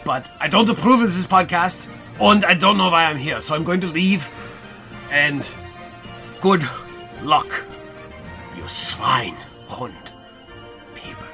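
A man putting on a pompous older German actor with a German accent, loud, indignant and repeating himself. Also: on the high side, lively intonation, slow pace, long pauses, music in the background. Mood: haughty. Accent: German, put on.

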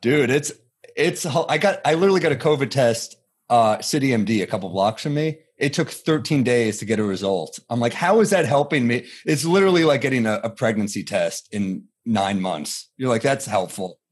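A man in his thirties, a comedian, chatting in an interview and telling animated stories, acting out quotes in a higher voice. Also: brisk. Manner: animated storytelling, acts out quotes with jumps in pitch. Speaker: comedian guest. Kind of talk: casual interview chat.

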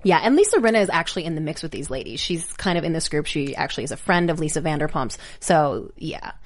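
Brief: young adult woman podcast co-host, wry, opinionated, very lively pitch swings. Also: fast talker. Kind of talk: casual recap chat.

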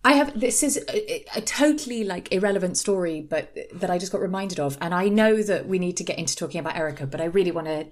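A young British woman on a chatty podcast, her voice sitting a touch low for a woman. She tells long, animated stories in a casual, rambling way, full of asides. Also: fast talker, few pauses. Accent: British English. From Britain. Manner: chatty storyteller, lively and animated. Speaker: podcast co-host. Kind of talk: casual chat.

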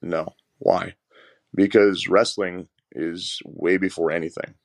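A man who is a head wrestling coach, telling rambling, animated stories in a casual interview and often repeating his words. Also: deep voice, slow pace, creaky, no room sound, clean studio sound.

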